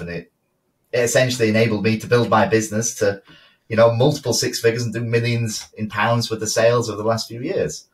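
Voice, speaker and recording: A man co-hosting a casual business podcast, chatty and quick to laugh, often restarting his words. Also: lowish voice, level tone, recorded from a distance. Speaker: podcast co-host, photographer.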